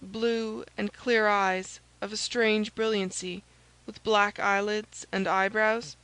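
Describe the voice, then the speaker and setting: A woman's voice: mid-range voice, little pitch movement, slow pace, a bit bright, clean tone, no echo, rough recording. A woman voicing a stern, phlegmatic male musketeer in an audiobook, curt and commanding. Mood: grave.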